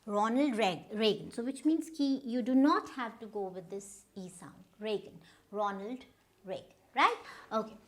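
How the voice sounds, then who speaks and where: A woman with an Indian English accent giving an informal pronunciation lesson, pausing often and checking in with her listeners. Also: fairly high pitch. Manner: unhurried, stops often to check understanding with "right?". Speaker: pronunciation teacher.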